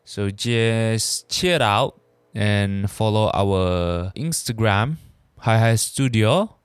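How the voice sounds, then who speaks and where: A man with a low, smooth voice talks slowly through a solo podcast in a language that is not his first. He pauses often and searches for words, and the recording is close and dry. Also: dry recording. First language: not English. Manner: halting, searches for words, repeats "you know what I'm saying". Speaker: podcast host. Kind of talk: casual solo podcast talk.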